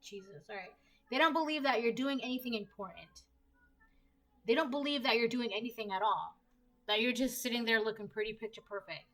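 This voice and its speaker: Woman, tarot reader, high pitch, crisp tone, conversational, repetitive phrasing. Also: fairly quick, fairly bright tone, poor audio. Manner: repetitive, conversational, reads cards aloud. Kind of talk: casual collective tarot reading.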